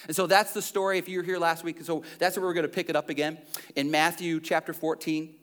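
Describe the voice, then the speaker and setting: A man's voice: fairly high pitch, fairly even intonation, quick pace, fairly bright tone. A male pastor giving a sermon in a conversational way, full of restarts and asides, in church.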